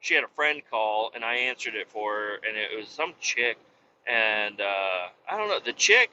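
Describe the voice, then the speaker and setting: Brash, cursing storyteller man, very bright. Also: mid-range voice, normal speed, lo-fi sound, slight background noise. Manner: profane, animated retelling with quoted dialogue. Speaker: podcast host. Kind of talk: casual storytelling.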